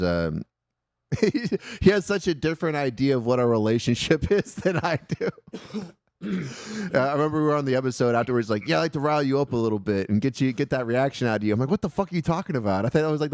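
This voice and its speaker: Animated, profane comedy host. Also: male voice, dry recording. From Mexico. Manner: animated, swears a lot, laughs often, rants in high bursts. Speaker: comedian host of a call-in show. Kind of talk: loose, profane comedy banter.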